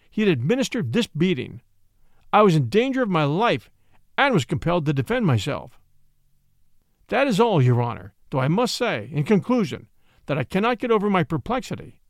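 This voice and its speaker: A man voicing a gleeful, scheming middle-aged gentleman who protests with theatrical mock indignation. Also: high-pitched, dry recording, studio quality.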